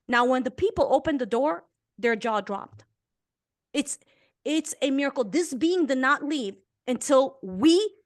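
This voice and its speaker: Her voice sits high as she, a fifty-something Romanian author, opens up about her life in an interview. Earnest and emotional, she surges in intensity and then sinks to a near whisper.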